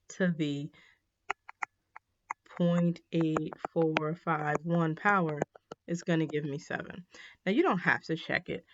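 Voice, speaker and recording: A woman teaching a math lesson in a casual, chatty way, with frequent ums and quick apologies for her slips. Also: lowish voice, noisy background. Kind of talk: recorded classroom lesson. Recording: dull, slightly lo-fi.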